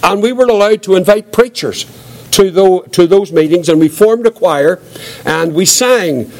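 An older man giving his testimony as a preacher, earnest and reflective, with a quiet voice. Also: high voice, unhurried. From Northern Ireland. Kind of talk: testimony sermon.

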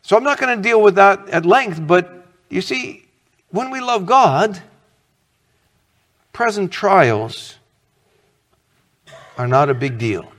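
Slow, earnest preaching man in a hall. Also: sits high, expressive, a bit bright. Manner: earnest, conversational preaching with rhetorical questions. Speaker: pastor. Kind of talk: sermon.

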